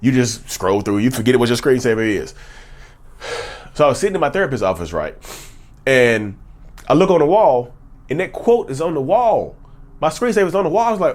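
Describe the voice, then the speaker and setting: A man in his thirties hosts his own vlog, delivering an earnest, emphatic personal monologue and repeating phrases for stress. His mid-range, darkish voice swings widely in pitch, moving fairly quickly but broken by long pauses.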